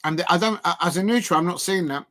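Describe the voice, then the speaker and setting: Quick and high-voiced, this host commentates a live football watch-along in a rambling style, often restarting and filling pauses. Big moments get him excited.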